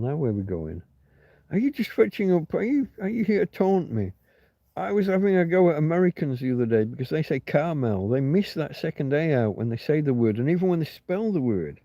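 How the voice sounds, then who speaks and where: A man's voice: medium pitch, mellow, dry recording. A man hosting a casual livestream, rambling and swearing freely as he answers chat comments. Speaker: livestream host.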